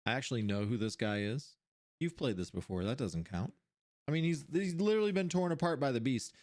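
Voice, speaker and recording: An animated streamer, thinking aloud while playing a game, voice jumping up high when surprised. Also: brisk. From Seattle area, USA. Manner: animated, puzzling things out, sudden jumps to high pitch.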